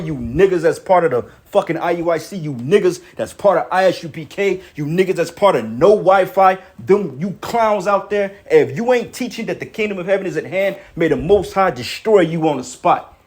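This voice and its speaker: Angry ranting man, highish voice. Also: lively intonation, normal speed, few pauses, a little mellow. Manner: heated, repetitive, swearing, ends lines with "man". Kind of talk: angry profane rant.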